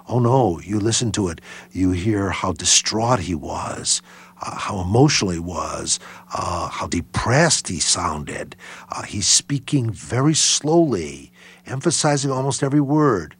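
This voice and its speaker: A man answering interview questions as a historian, halting and full of fillers and restarts. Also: on the low side, expressive, breathy edge. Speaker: historian guest.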